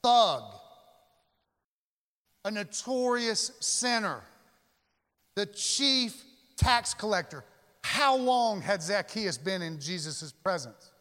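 High-voiced preacher in a reverberant hall. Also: male voice, expressive, pushed and bright. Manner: emphatic, with dramatic pauses and slowed key words. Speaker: pastor. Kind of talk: sermon.

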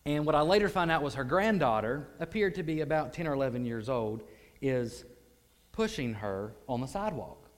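A man preaching a sermon, telling a story animatedly and swinging from hushed tones to loud bursts. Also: mid-range voice, animated, moderate pace.

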